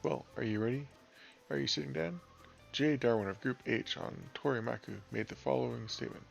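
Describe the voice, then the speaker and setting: A man's voice: medium pitch, fairly quick, creaky, muffled recording, soft background music. A man voicing a theatrical male TV news reporter who delivers gossip as if it were a tragedy. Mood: melodramatic. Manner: overwrought, theatrical.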